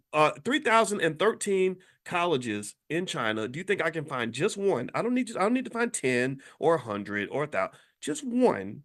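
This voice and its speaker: A man's voice: a little high, a bit bright. A man hosting a podcast who delivers a fiery, preachy monologue packed with rhetorical questions. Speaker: podcast host and finance professor.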